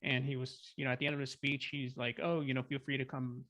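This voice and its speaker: A man chatting as an interview guest, telling a story in an excited, rambling way with lots of fillers. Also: mid-range voice, fast talker, no room sound. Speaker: guest filmmaker. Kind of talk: casual storytelling.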